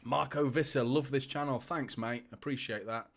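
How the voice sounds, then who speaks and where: A man's voice: medium pitch, steady tone, normal speed. Chatty man hosting a watchalong. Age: 30s. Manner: chatty, laughs often, reads out viewer comments. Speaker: host of a football watchalong. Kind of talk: casual live match commentary and chat.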